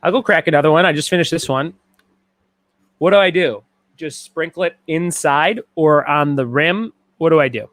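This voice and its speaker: A man hosting a laid-back trivia stream, reading questions and cracking jokes between comments. His voice sits a little high for a man. The sound is close and dry, with almost no room around it. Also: moderate pace, a bit bright, dry recording. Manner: joking, reads viewer comments aloud. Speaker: trivia host. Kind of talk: casual livestream trivia hosting. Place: home garage.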